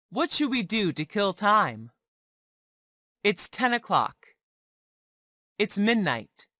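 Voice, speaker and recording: Slow, lively woman reading drill phrases. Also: mid-range voice, dry recording, studio quality. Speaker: English teacher. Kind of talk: reading practice phrases for learners.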